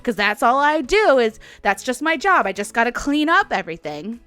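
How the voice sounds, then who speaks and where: A woman's voice: fairly high pitch, sing-song, normal speed, fairly bright tone, smooth, dry recording, soft background music, pitched above the performer's own voice. American lady doing a cranky shop worker lady, curt and scolding, voice jumping around. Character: grumpy middle-aged female shop worker.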